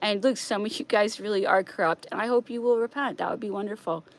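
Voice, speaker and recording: A woman talks alone to her stream in a rambling monologue, her voice sitting at an ordinary middle pitch. She circles back over the same points, pushes up louder when she gets worked up, then drops to a hushed, subdued murmur. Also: fast talker. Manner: agitated, repetitive, swings from loud to hushed.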